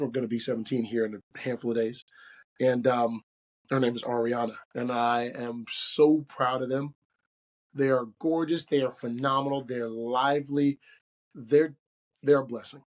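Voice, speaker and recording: A man in his forties hosting a casual solo podcast, upbeat and conversational with slangy phrasing. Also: fairly high pitch. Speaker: podcast host.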